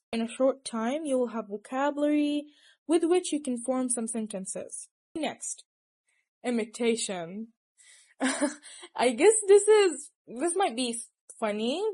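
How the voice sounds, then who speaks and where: Young woman, slightly high pitch, casual and teasing advice-giver. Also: a little mellow. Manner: chatty, teasing, laughs often. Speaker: language tips presenter.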